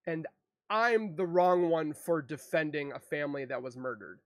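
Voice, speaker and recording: A man's voice: a little high, moderate pace, no echo, studio quality. A man in an emotional, defensive monologue to camera, rambling and repeating himself as a true crime YouTuber. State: emotional, upset.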